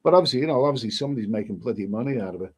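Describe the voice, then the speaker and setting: A man's voice: mid-range voice, lively intonation, very fast, darkish tone, husky. A man hosting a casual live stream, reading viewer comments aloud and answering them with rambling, chuckling asides and many restarts.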